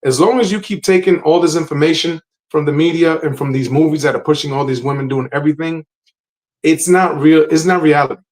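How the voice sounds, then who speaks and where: Podcast co-host, male, slightly high voice, emphatic lecturing delivery. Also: brisk, darkish tone, low-quality recording. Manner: emphatic, lecturing, repeats phrases. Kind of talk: casual podcast chat.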